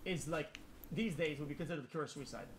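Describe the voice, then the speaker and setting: A male streamer reacting to a clip in loose, rambling chat. His voice sits a little high, and he repeats words and restarts sentences as his thoughts run ahead. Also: fast, noisy background.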